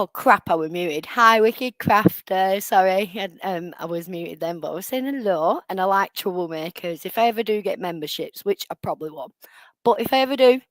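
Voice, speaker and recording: A chatty woman hosts a live stream, commenting on clips with sarcastic asides. Her voice sits a little low and sounds close and dry, with no room around it. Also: no echo. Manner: chatty, sarcastic, laughs often. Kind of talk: casual commentary over clips.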